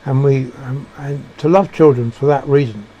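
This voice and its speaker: Halting, mellow-voiced man musing aloud. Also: medium pitch, steady tone, highs cut off, a little hiss or hum. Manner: halting, searching for words, many restarts. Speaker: speaker sharing personal beliefs. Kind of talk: reflective monologue.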